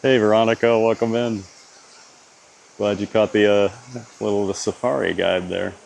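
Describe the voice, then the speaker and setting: Low-voiced Louisiana man live-streaming. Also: normal speed, gravelly, slight background noise. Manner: relaxed, greets chat viewers by name. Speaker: theme park live-streamer. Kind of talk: live-stream chat reading. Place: outdoors at a theme park.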